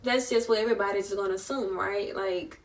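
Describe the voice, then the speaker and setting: This vlog features a young woman with a medium pitch and fairly even intonation, talking a little fast and recorded from a distance. She shares an emotional personal story chattily, acting out the voices of the people she quotes.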